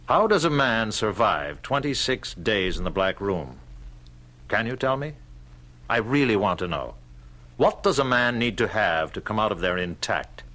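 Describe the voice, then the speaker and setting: An actor playing a cold, smooth-spoken male captor who questions his prisoner politely, in an old radio drama. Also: lowish voice, fairly bright tone. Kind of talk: 1970s radio drama acting.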